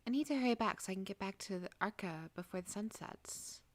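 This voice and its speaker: A woman's voice: medium pitch, animated, fairly quick, no room sound. A woman streaming a game, reading its dialogue aloud and breaking into crude, joking outbursts. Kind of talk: casual gameplay commentary and reading.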